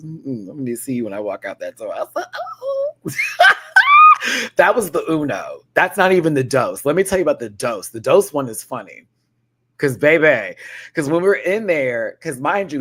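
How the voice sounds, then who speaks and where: A young man telling a vlog storytime, dramatic and full of slang, with bursts of high laughter. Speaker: vlogger. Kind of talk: animated storytime rant.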